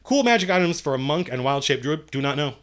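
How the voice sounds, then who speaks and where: A man's voice: fairly high pitch, lively intonation, fast, a bit bright. A man who runs tabletop games, answering viewer questions in a casual livestream. He rambles, corrects himself and makes dry jokes. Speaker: game master and writer answering viewer questions.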